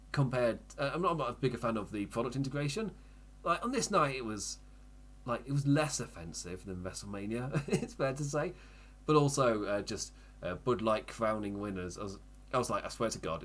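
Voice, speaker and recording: A man hosting a wrestling podcast, chatting casually with frequent laughs and quick self-interrupting asides. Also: mid-range voice. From United Kingdom. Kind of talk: casual live recap commentary.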